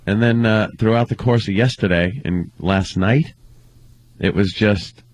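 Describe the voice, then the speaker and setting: A man with a New York accent, co-hosting a radio show while sick with the flu, talking in halting, complaining bursts. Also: fairly low pitch. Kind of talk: casual radio banter.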